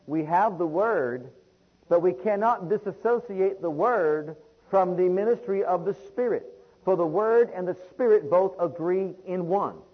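A man's voice: sits high, breathy edge, muffled recording. A man preaching a sermon, reading long scripture passages aloud and calling out to his listeners. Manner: reads scripture in King James wording, calls listeners beloved.

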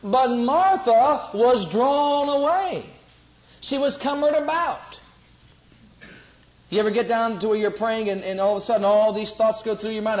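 A male preacher delivers a sermon, repeating phrases and putting questions to the congregation. His high voice has lively intonation and a brisk pace, and the slightly muffled lo-fi recording sounds roomy.

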